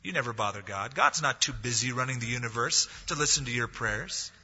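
A man's voice: medium pitch, a little fast, bright, forceful tone, slightly rough. A man preaching a sermon as pastor, telling a story and acting out the voices of the people in it. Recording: dull lo-fi audio, long hall reverb.

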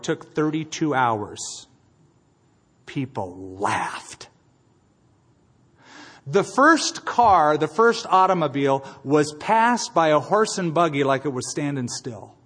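A man preaching a sermon as pastor and leading a closing prayer, emphatic, moving between quiet and loud passages. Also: a little high. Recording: long hall reverb.

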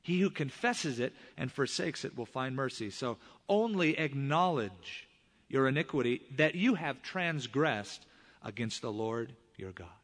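A middle-aged male pastor preaching a sermon, with animated rises in voice and sudden hushed drops. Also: mid-range voice, measured pace. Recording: long reverb of a large hall.

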